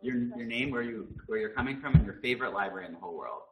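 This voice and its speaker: A man's voice: fairly low pitch, animated, rapid-fire, distant mic, heavy background noise. A man moderating a panel event in a meeting room, upbeat and chatty, coaxing people to speak.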